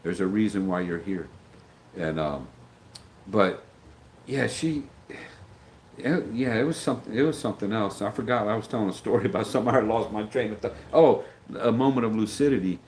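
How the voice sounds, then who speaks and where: A middle-aged man with a lowish, darkish voice talks casually on a livestream, animated and a little fast, over poor audio with some hiss or hum. He reads viewer comments aloud and rambles through his answers, sometimes losing his train of thought and acting out the voices of people he quotes.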